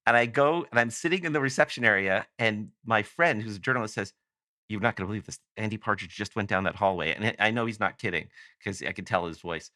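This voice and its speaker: A man's voice: on the low side, fast talker, sharp tone, no echo, studio quality. A man from Canada, a guest on a podcast, telling a long rambling anecdote that is full of self-corrections. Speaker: guest author. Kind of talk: casual podcast storytelling.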